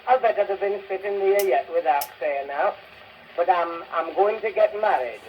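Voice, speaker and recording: A man's voice: sits high, moderate pace, highs cut off, a little hiss or hum. A man with a Northern English accent delivering a bashful comic monologue, chuckling often, on an early gramophone recording. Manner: bashful, chuckling through his lines. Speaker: music hall comedian. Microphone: early acoustic gramophone recording.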